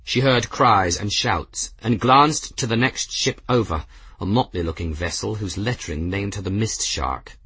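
An audiobook narrator reads a novel in scripted narration, steady and measured. His voice is low and husky, recorded dry and close with no room sound.

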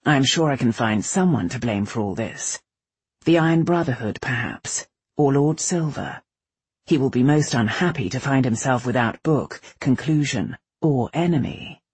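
A woman voicing a wry, urbane gentleman detective speaking with dry understatement. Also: a bass voice, animated, moderate pace, breathy edge, no room sound, heavily acted.

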